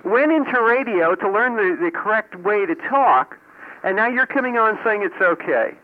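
Chatty caller with a dull phone sound. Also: male voice, high-pitched, moderate pace. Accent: Midwestern American. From New York. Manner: talkative, lively storyteller. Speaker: radio show caller. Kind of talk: call-in radio chat. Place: driving in a car. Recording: dull, muffled phone-call audio.

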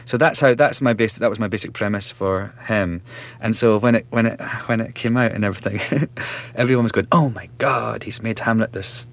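A man in his thirties with a Scottish accent, an actor chatting as an interview guest, self-mocking and quick to laugh. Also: on the low side. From Scotland. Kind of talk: relaxed interview chat.

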